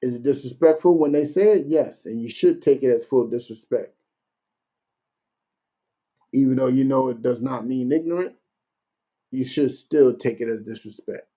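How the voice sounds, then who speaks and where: A man leading a casual streamed Bible class, talking conversationally and reading verses out slowly. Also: medium pitch, warm tone. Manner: conversational, keeps asking "you know what I'm saying"; reads verses slowly and deliberately.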